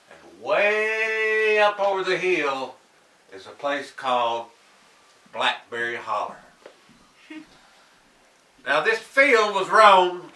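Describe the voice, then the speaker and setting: Older man, storyteller; slow, animated delivery, heard from a distance in an echoey room. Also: fairly high pitch. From Tennessee, US. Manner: slow, dramatic, draws out words, hushes and shouts. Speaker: family storyteller. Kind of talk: oral storytelling to family.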